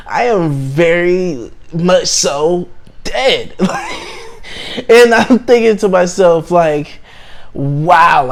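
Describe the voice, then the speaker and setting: A young man telling a personal faith story in a casual storytime, hesitant and full of restarts, swinging between hushed and excited. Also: fairly high pitch. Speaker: channel host telling his testimony.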